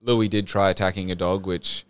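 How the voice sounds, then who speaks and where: Podcast host, smooth low voice. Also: male voice. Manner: animated storyteller, quick rambling asides. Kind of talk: casual chat.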